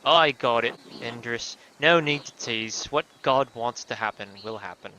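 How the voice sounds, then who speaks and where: A man voicing a gruff, scornful village man with an Australian accent. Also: mid-range voice, a little slow, sharp tone, a little hiss or hum, poor audio. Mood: grumbling. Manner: complaining, scornful. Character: gruff grumbling village man, gossiping about a thief.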